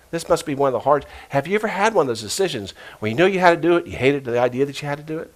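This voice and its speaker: A middle-aged man preaching a sermon as a pastor, telling stories earnestly and dropping to a hush for quoted voices. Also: fairly high pitch, lively intonation, fast. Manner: earnest storytelling, emotional retellings with hushed quoted voices.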